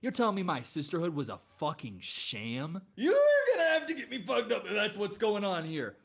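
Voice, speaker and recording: A woman's voice: medium pitch, very animated, moderate pace, gravelly, highs cut off. A woman hosting a reaction video, exclaiming and ranting in casual commentary. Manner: dramatic and exclamatory, with frequent outbursts.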